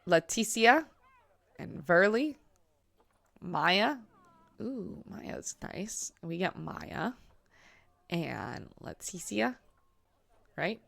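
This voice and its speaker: Chatty woman narrating her gameplay slowly. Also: lowish voice, gravelly, fairly bright tone, no echo. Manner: chatty, talking to herself and the animals, filler-heavy. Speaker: gameplay streamer. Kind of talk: casual gaming commentary.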